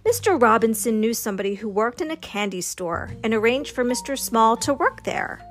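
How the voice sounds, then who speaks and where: A woman reading a children's storybook aloud in a slow, gentle, expressive way. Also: a little high, soft background music. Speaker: storybook narrator.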